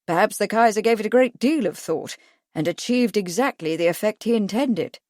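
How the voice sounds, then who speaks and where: A calm, thoughtful English lord, read by a woman narrator in an audiobook. The voice stays at an ordinary pitch. The sound is dry and close. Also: normal speed, no room sound, natural voice.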